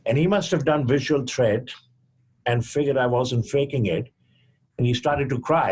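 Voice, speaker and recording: An older man from India tells his story slowly and carefully, giving each quoted speaker a voice of their own. His voice is breathy and husky at a middle pitch. He speaks as a physician guest on a podcast. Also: a little mellow. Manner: measured storyteller who acts out quoted dialogue.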